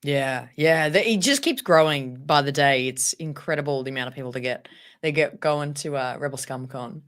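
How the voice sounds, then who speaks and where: A woman's voice: deep voice, moderate pace. A woman hosting a casual livestream chat, bubbly and laughing often, with frequent repeated words. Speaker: livestream host.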